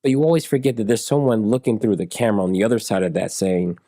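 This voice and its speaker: A man's voice: lowish voice, fast talker, mellow, no room sound, clean studio sound. A man in his forties, a podcast guest telling stories and acting out the dialogue in them. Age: 40s. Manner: storyteller who acts out dialogue. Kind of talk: podcast conversation.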